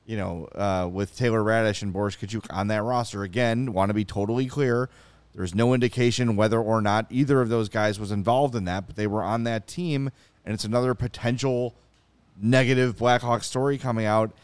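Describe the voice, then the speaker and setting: A man hosting a casual sports talk show, ranting in an animated, exasperated way and reading out viewer comments. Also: lowish voice, a little fast, smooth, no room sound. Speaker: podcast host.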